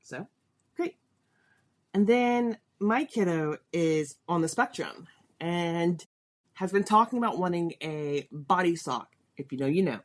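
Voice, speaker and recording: A woman's voice: lowish voice, animated, measured pace. A middle-aged woman hosting a podcast, telling a personal story in a chatty, candid way. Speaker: podcast host.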